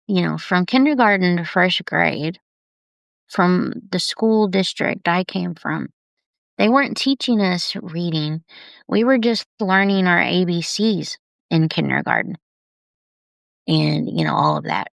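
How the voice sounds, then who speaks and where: A woman talking openly and tenderly on a live video about heavy times, unhurried and confiding. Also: lowish voice, expressive, creaky, no echo. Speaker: artist sharing on a live video. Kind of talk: candid personal live stream.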